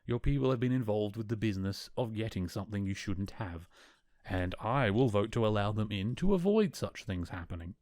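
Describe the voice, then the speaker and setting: A man voicing a calm, logical older male alien ambassador in a measured, lecturing way. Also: fairly low pitch, no room sound, clean studio sound, natural voice.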